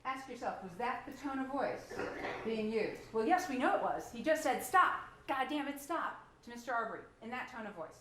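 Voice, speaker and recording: Her voice a little high and animated, this woman prosecutor talks slightly fast as she closes her case before a jury, pressing hard and asking rhetorical questions. Echo fills the courtroom, and there's a faint background noise.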